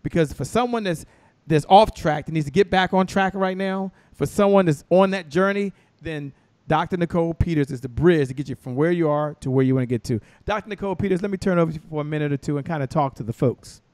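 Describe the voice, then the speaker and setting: A man hosting an online motivational show, telling stories with lively acted-out voices. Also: on the high side, fast talker, no echo. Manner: preacher-like storytelling with acted-out voices. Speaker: show host.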